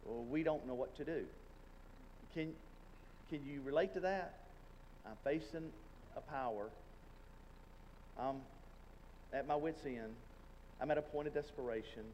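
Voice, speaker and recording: A man's voice: medium pitch, a little mellow. A man preaching a sermon as pastor, earnest and conversational, acting out the prayers of tired people. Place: church sanctuary. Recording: long hall reverb, faint room noise.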